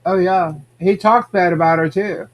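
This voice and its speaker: A man's voice: high voice, fairly even intonation, normal speed, highs cut off. Chatty man hosting a podcast. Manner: chatty, reacting to viewer comments. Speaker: podcast host. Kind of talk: casual gossip chat.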